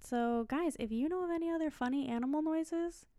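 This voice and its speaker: A woman's voice: high voice, fairly quick, mellow, no room sound. A young woman co-hosting a podcast, chatting in a playful, teasing way. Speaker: podcast co-host. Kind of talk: casual chat.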